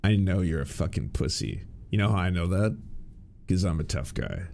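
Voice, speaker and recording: Brief: man impersonating a deep, hushed macho bully, profane taunts, picking a fight. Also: normal speed, gravelly, a little hiss or hum. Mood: taunting. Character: aggressive macho male podcaster taunting a guest.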